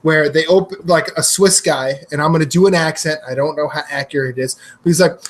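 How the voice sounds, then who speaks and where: A young man with a notably high voice co-hosts a casual podcast. He talks in an animated way, laughs often and acts out lines from commercials. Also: fast talker, low-quality recording. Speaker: podcast co-host. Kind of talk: casual chat.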